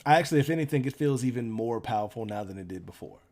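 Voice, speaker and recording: Relaxed man narrating as game master. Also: mid-range voice, fast talker.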